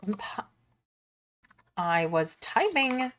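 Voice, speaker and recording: A woman streamer chatting casually as she plays, excitable, laughing and swearing freely. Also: mid-range voice, very slow. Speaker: game streamer.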